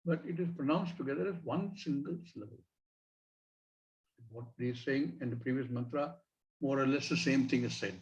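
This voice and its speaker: A man teaching a scripture class. He explains each point slowly and in a measured way, and recites Sanskrit syllables as he goes. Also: medium pitch, distant mic. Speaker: Vedanta teacher. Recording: dull lo-fi recording.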